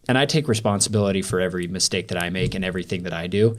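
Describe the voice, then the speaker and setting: A man's voice: low voice, fairly even intonation, rapid-fire. A young man, a podcast guest, telling a personal story in a loose, rambling way full of "like" fillers. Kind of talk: storytelling in a casual interview.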